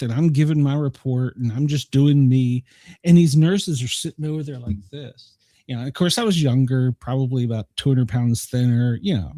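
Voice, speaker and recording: A man's voice: mid-range voice, no echo, clean studio sound. A middle-aged man hosting a podcast, telling stories in casual chat, laughing often. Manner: chatty storyteller, laughs often, animated. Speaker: podcast host.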